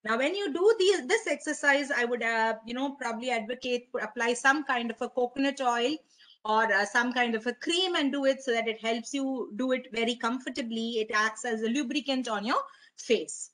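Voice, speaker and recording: Woman, webinar presenter, bright and fairly high voice, gentle advice-giving delivery. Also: moderate pace, rough recording. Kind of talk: informal wellness talk.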